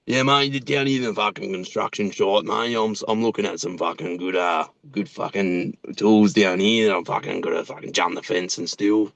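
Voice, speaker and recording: A man's voice: fairly low pitch, steady tone, normal speed, few pauses, no room sound. A man doing a crude swearing Australian site bloke. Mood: scheming. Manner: rough, crude, swears constantly.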